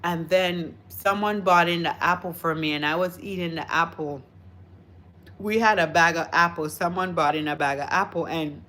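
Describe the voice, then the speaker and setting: A woman chats on her livestream, rambling through stories and answering viewers at an unhurried, drawn-out pace. Her voice sits a little low, and she sounds eager whenever she gets onto food. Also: fairly bright tone. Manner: chatty, rambling storyteller; enthusiastic about food. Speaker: livestream host. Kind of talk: casual chat answering viewers.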